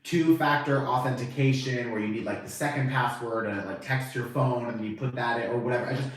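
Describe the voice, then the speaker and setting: A man giving a casual, animated tarot reading to camera, chatty and swearing now and then, acting out the reactions he quotes. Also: medium pitch, brisk, recorded from a distance. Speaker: tarot reader. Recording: very echoey room, voice off-mic.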